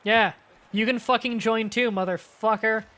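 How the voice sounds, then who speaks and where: A young woman with a slightly high voice streams a game and chats casually over the play. She talks in quick, animated bursts and swears freely. Her asides tumble out between turns. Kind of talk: casual chat over gameplay.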